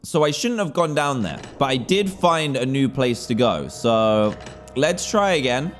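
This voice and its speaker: A young man commentating a horror game as he plays, jumpy and quick to panic at the scares. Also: mid-range voice, animated, soft background music. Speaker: gaming YouTuber.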